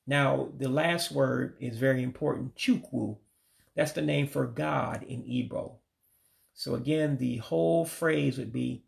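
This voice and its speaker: This man, a language learner leading an informal vocabulary lesson, has a very gravelly voice at mid pitch. He speaks steadily like a teacher, enunciating each word slowly and carefully, with frequent self-corrections as he goes.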